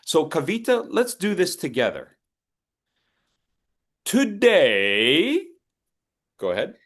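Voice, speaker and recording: A man leading an online public speaking workshop, coaching participants and swinging between loud and soft to demonstrate. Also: a little high, wildly swooping pitch, takes it slowly.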